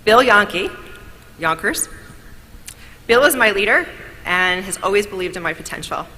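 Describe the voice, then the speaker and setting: Full of gratitude, a New York woman accepting an award gives a cheerful speech built around storytelling. The hall's long reverb trails her bright, slightly low voice, with a faint hiss of noise beneath.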